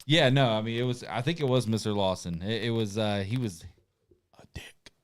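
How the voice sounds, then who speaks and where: A man's voice: lowish voice, steady tone, a little fast, smooth. A man co-hosting a casual podcast, trading jokes in easygoing banter. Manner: joking banter. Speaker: podcast co-host. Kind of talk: casual chat.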